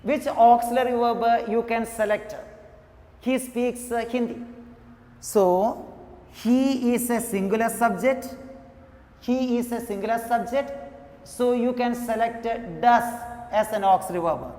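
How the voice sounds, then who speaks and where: A woman teaching an English grammar lesson, talking slowly, repeating each example and saying "you know" often. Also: on the high side, warm tone. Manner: slow, repetitive, says "you know" often. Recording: echoey room with long reverb.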